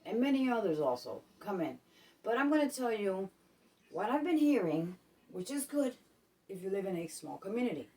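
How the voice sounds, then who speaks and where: A woman from Puerto Rico gives casual advice on her home vlog in a mid-range, darkish voice with a sing-song lilt at normal speed. She tends to repeat herself and checks in with "okay?", her voice a bit distant from the mic.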